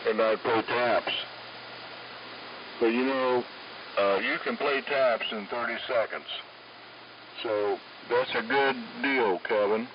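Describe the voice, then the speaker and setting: A man's voice: mid-range voice, slow pace, pauses often. A man, checking in on an amateur radio net in a folksy, plainspoken way, heard over distant lo-fi radio with static. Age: 70s. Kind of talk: ham radio chat.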